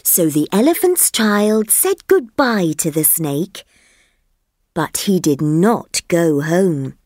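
A woman reading a textbook listening passage and a story aloud for learners, slowly and clearly. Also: lowish voice, no echo, clean studio sound. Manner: slow, clear, lively intonation. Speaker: reader of a textbook listening track. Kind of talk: slow scripted reading for learners.

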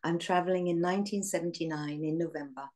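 A woman in her sixties with an English accent, reminiscing in an interview in a reflective, halting way with fillers and soft laughs. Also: on the low side, fairly even intonation. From England. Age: 60s.

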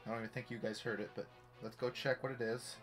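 A young man commentating a horror game playthrough, swearing a lot and swinging from hushed muttering to panicked yelps. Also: medium pitch, flat delivery, fast talker, faint music behind. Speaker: gaming YouTuber.

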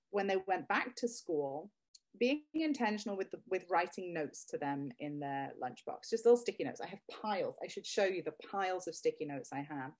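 Speaking in a fairly low, slightly mellow voice, a woman in her thirties gives an emotional interview as a guest. The product creator talks from the heart about her children, on the verge of tears at times.

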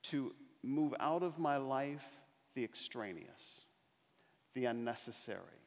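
A middle-aged man giving an inspirational keynote speech, telling stories with slow, emphatic pauses that build to louder climaxes. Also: medium pitch, expressive, vocal fry. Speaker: motivational speaker. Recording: long reverb of a large hall.

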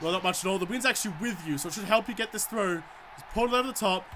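A man giving excitable let's-play commentary, swearing and shouting at the game as he plays. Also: high-pitched, very fast, slight background noise. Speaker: gamer.

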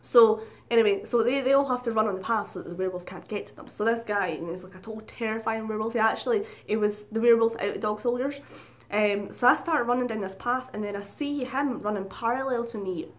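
A woman's voice: on the high side, quick pace, hardly any pauses. A woman telling a story in a casual vlog, chatty, swearing freely and giggling at herself. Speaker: vlogger.

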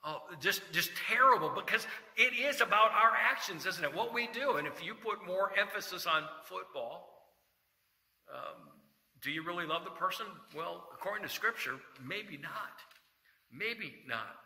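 A man's voice: sits high, expressive, normal speed, pushed and bright. A middle-aged male pastor giving a folksy sermon, telling corny jokes and reading scripture. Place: church sanctuary. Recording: echoey church hall reverb.

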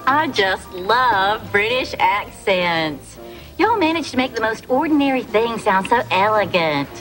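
A woman's voice: mid-range voice, very animated, a little slow, rough recording. An actress playing a chatty woman with an Oklahoma accent in a sitcom before a live audience. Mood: gushing. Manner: gushing, folksy. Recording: sitcom audio with loud audience and music.

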